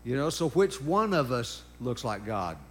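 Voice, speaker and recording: A man's voice: medium pitch, very animated, a little hiss or hum. A man preaching a sermon, emphatic and repetitive, breaking in with praise interjections. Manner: emphatic, drawn-out preaching with repeated phrases and interjections.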